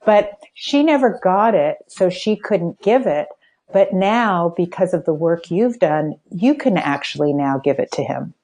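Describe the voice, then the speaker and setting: An older woman guest works as a spiritual coach. Her voice sits a little low and sounds warm and mellow. She speaks gently and reassuringly, affirming the person she is talking to. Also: animated, a little slow. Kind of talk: conversational coaching.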